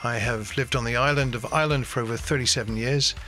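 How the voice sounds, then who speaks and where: A man who is a new citizen speaking in a measured, sincere way in a recorded video message. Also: medium pitch, steady tone, sharp tone, soft background music.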